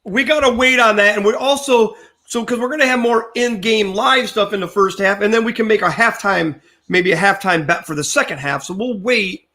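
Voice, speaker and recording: A man's voice: sits high, normal speed, bright, forceful tone. An older man co-hosting a sports betting show, chatting casually and joking as he recaps picks. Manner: chatty, joking, repeats punchlines.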